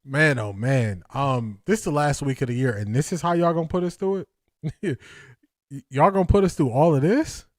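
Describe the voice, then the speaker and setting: A man hosting a live watch-party stream, excitable and out of breath, laughing often and calling his viewers y'all. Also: a little high, normal speed, no room sound, clean studio sound.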